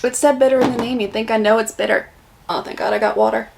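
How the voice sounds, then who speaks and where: A woman's voice: on the high side, steady tone, fast talker, creaky, noisy background. A young American woman vlogging a casual beer taste test, chatty and blunt in her reactions. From United States.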